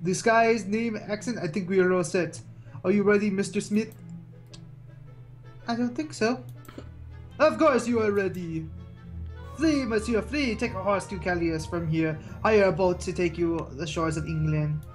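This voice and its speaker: A self-assured bird lawyer from a video game, read aloud by a woman, declaring each line with theatrical flourish. The voice sits at an ordinary middle pitch. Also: a little slow, pauses often, soft background music, natural voice. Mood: grand.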